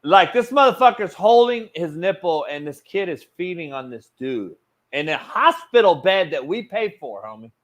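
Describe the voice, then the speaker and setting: A man's voice: high-pitched, sing-song, normal speed, a bit bright. A man hosting a sports talk show, ranting in a heated, profane, slangy way. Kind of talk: casual talk-show rant.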